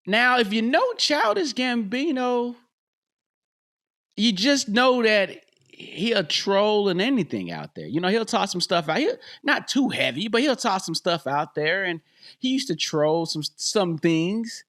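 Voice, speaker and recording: Animated, slangy male podcast host. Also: sits high, a little slow. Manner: animated and emphatic, slangy, repeats phrases. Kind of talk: casual commentary. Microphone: dynamic USB podcast microphone.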